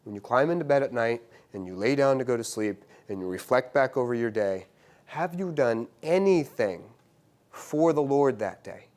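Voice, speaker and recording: A man preaching a sermon, swinging between loud exclamations and hushed, quiet stretches, often repeating himself as he builds a point. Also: mid-range voice, fairly quick, few pauses. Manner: repeats words and restarts phrases. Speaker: university teacher.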